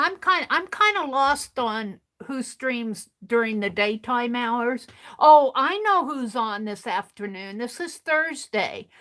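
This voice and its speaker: A woman's voice: a little high, fairly bright tone. A woman hosting a casual art journaling stream from her craft desk, chatting and thinking aloud as she works, often repeating her own phrases. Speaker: art journaling livestream host. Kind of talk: casual chat while crafting.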